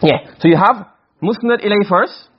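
A man lecturing on Arabic rhetoric in a quick classroom style, often checking if students follow. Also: sits high, slight background noise. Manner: quick, questioning students, drops Arabic grammar terms. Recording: dull lo-fi recording.

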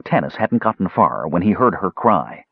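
Deep-voiced man narrating an audiobook. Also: creaky, breathy edge, no room sound. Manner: measured storytelling, lively intonation. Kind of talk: scripted narration. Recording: dull dry close-mic audiobook recording.

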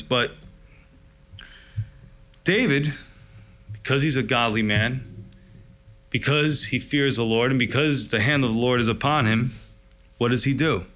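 A man's voice: medium pitch, fairly bright tone. A man preaching a sermon in an enthusiastic, conversational, storytelling way. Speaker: pastor.

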